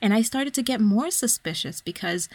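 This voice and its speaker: A woman's voice: fairly high pitch, lively intonation, normal speed, dry recording. A woman co-hosting a podcast, chatting casually about a book, swearing and acting out quotes. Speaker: podcast co-host.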